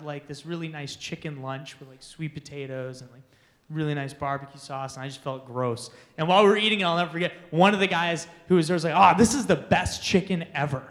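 A man telling funny, self-deprecating stories as a youth conference speaker to teens, animated and laughing as he goes. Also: high-pitched, long reverb tail. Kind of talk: storytelling talk to teens.

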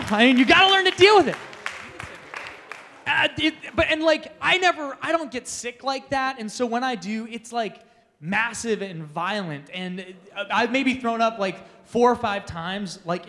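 A man speaking at a youth conference in a notably high-pitched voice. He tells self-deprecating stories with lots of energy and laughs through the funny parts. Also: expressive, moderate pace, pushed and bright, long reverb tail, some chatter behind. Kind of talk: storytelling talk to teens.

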